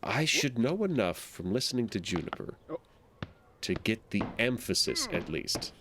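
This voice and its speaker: A man's voice: mid-range voice, big pitch swings, moderate pace, noisy background. A man streaming a game, rambling casually and playfully and making silly sound effects between thoughts. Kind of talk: casual gameplay commentary.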